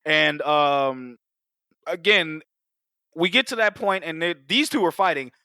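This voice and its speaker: A man in casual podcast chat about a movie, profane and animated, acting out bits of scenes. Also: a little high, a little slow, smooth, dry recording, clean studio sound. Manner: profane, animated, acts out monster voices.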